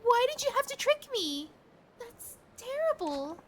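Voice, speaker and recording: A woman voicing an excitable young girlfriend, gushing and highly emotional. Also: unhurried, a little hiss or hum, exaggerated voice. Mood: hurt.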